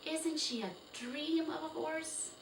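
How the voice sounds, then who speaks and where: A woman's voice: high voice, takes it slowly, pitched above the performer's own voice. A woman voicing a spirited, eager colonial girl who speaks with breathless wonder. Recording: roomy, distant, faint hiss.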